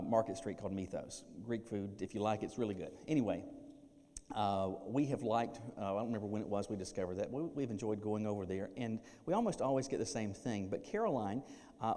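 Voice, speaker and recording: A pastor delivering a sermon, animated, breaking into playful acted asides. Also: male voice, on the low side. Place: church sanctuary. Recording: long reverb of a church hall.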